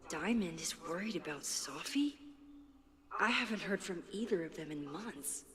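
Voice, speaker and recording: An actress voicing Max, a quiet and thoughtful young woman photographer in a game, talking softly in inner monologue, often close to a whisper. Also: lowish voice, lively intonation, moderate pace. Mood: reflective. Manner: soft, introspective, often near a whisper. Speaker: game character. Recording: game audio with long reverb and music. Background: game music.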